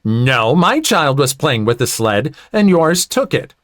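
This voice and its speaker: A man's voice: a little high, sing-song, measured pace, a bit bright, no echo, clean studio sound. A man voicing a pushy, entitled woman who talks down to others in a haughty, accusing way.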